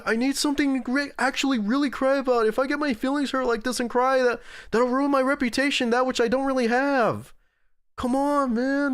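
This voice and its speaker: A man's voice: very high voice, clear, resonant tone, voice pushed up. A man putting on the voice of a whiny grown man close to tears, pleading and mock-sobbing.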